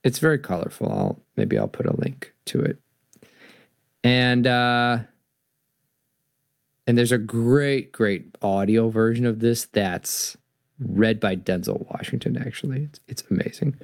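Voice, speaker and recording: Male host, lively lecturing, gravelly and dry. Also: mid-range voice, measured pace, no room sound. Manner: animated, reflective, philosophical. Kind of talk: storytelling lecture.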